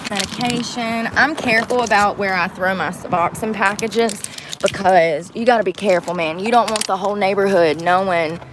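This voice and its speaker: A woman talks to her livestream from a truck at a gas station. She is rambling, candid and salty-mouthed, with a mid-pitched voice. Faint vehicle noise hums behind her on a phone mic. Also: moderate pace. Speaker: vlogger. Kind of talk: casual chatty livestream.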